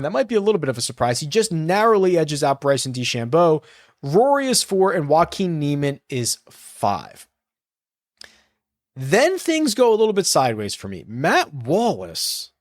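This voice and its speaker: A man's voice: on the high side, no echo. Rambling man with a dry, close voice. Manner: rambling, self-correcting, thinks aloud. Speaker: fantasy golf podcast host. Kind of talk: casual solo analysis.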